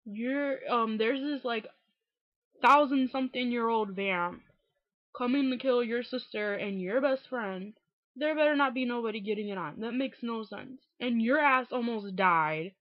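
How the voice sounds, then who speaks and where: A woman's voice: fairly high pitch, vocal fry, dry recording. Woman, casual recap vlog, frank and exasperated, swears a lot, dull dry recording. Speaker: TV episode recapper.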